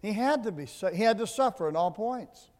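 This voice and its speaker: A man preaching a sermon, dropping to quiet asides and then rising to loud, emphatic points, often repeating words as he builds. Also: high voice, animated, fairly quick, big-room sound. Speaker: pastor. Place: church building.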